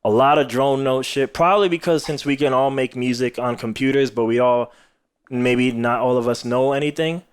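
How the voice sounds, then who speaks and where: A man's voice: medium pitch, steady tone, normal speed, clear, resonant tone. A tired man hosting a podcast, talking casually with lots of fillers and frequent laughter. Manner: laughs often, rambling with many fillers. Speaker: podcast host. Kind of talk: casual chat.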